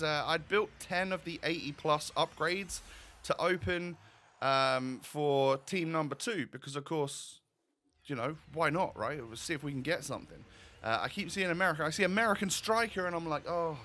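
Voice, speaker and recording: A man's voice: mid-range voice, sharp tone. A man giving casual, rambling commentary while opening packs in a football video game, chatting straight to his viewers. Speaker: gaming YouTuber.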